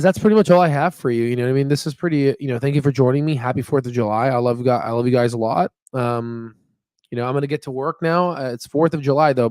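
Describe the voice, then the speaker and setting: A chatty, upbeat man talks off the cuff on a live stream. His voice sits in an ordinary middle pitch, and he rambles through fillers and asides. The sound is dry and close, with no room echo. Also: a little mellow. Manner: rambling, filler-heavy, with frequent "you know what I mean". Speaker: stock market channel host. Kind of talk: casual live-stream chat.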